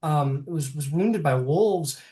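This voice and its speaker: Game master playing an older elf druid woman, stammering, anxious, halting, tabletop role-play. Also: mid-range voice, dark tone, close to an everyday voice. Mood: worried. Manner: halting, stammering, repeated restarts.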